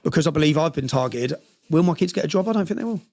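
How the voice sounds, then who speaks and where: Man, interview guest, gravelly and rapid, emotional rambling storyteller. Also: a little high, animated, a little mellow. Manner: passionate, rambling with restarts.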